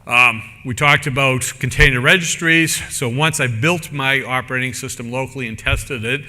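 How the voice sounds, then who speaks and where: A man's voice: mid-range voice, fairly even intonation, normal speed, bright, forceful tone, long reverb tail. A man giving a technical conference talk in a casual, rambling way, full of fillers and restarts. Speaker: conference speaker. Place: conference room.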